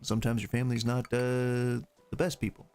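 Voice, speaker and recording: A man's voice: mid-range voice, completely flat delivery, brisk, darkish tone, clear, resonant tone, faint music behind. A man with a light Southern US twang, chatting casually on a live stream, rambling off on wry tangents into a desk microphone. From Southern United States. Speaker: gaming streamer.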